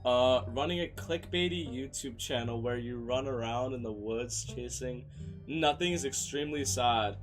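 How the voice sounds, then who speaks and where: A young man commentating a game as a streamer, excitable and profane, breaking into shouted rants. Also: medium pitch, normal speed, over music. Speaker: gaming streamer. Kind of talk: let's play commentary.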